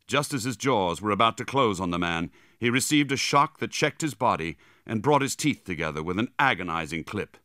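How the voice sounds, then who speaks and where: Male audiobook narrator, low-pitched, dramatic and animated, bright tone. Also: no room sound, clean studio sound. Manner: dramatic, vivid storytelling. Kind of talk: scripted narration.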